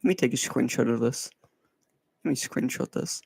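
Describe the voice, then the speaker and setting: A man's voice: mid-range voice, normal speed, creaky, a little mellow, breathy edge, dry recording, low-quality recording. A man live-streaming in a casual chat, reading silly children's rhymes aloud in a playful, singsong way. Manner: playful, giggly, reads verse in a singsong way.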